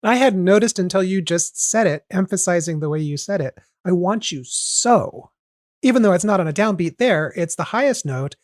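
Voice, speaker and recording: A man's voice: high-pitched, lively intonation, fairly quick, hardly any pauses, dry recording. Man analyzing a melody, dry sound. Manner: analytical, walks through the notes step by step. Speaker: podcast host. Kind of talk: casual music analysis chat.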